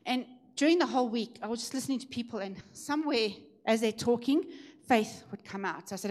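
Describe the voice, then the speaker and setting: A woman preaching a testimony, telling the story in a lively way and growing emphatic at the high points. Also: a little fast. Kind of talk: sermon testimony.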